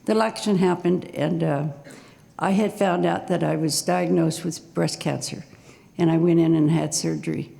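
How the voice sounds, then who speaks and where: A woman in her sixties telling her own story on stage at a live storytelling night, nervous and halting, with small laughs. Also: deep voice, fairly even intonation, creaky, warm tone, long reverb tail.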